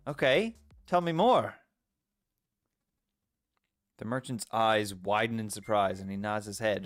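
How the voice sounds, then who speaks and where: A man's voice: mid-range voice, normal speed, pauses often, no room sound, soft background music. A man streaming a text adventure game, reading its story aloud and reacting playfully, often laughing.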